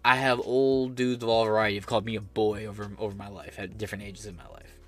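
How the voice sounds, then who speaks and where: Over soft background music, an American man hosts a podcast, reading headlines and firing off sarcastic, profane, blunt political takes. He talks fast in a fairly low, slightly bright voice with fairly even intonation.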